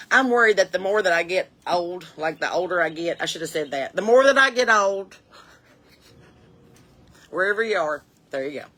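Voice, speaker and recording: Bright-voiced woman rambling on a porch. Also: lowish voice, lively intonation, moderate pace, long pauses. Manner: chatty, folksy, rambling and sassy. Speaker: comedian and musician. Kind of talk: rambling comic monologue to camera. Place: outdoors on a home porch.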